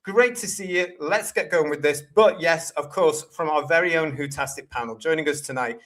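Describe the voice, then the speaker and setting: A man's voice: fairly high pitch, a little fast, a bit bright. A British man hosting a live-streamed fan show, upbeat and reading out chat messages. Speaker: host.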